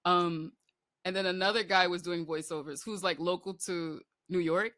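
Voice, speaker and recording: American woman, bright voice, lowish pitch, dry close sound, rambling casual chat. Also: normal speed, no room sound. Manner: animated storytelling, many likes and fillers. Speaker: guest, horror manga artist.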